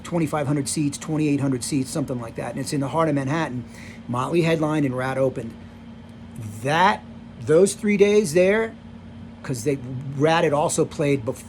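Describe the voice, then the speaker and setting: A man's voice: a little high, a little mellow, slight background noise. Rambling older man telling road stories. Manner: rambling, full of "you know" and "like". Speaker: vlogger telling rock-tour stories. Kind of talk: casual storytelling.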